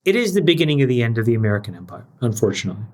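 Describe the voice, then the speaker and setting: A man co-hosting a podcast panel, making his points in an emphatic, measured way. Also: mid-range voice, big pitch swings. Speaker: podcast co-host. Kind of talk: casual panel chat.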